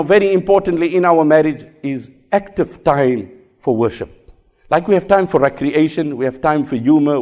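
A male preacher delivers a sermon at a brisk clip, his voice sitting fairly high. He tells stories in an animated way, acting out the people in them and rattling off quick Arabic recitations. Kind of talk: sermon on marriage with storytelling.

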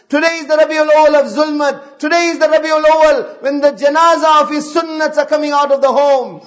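A man's voice: very high voice, highs cut off. A male preacher giving an impassioned sermon, piling up repeated rhetorical questions.

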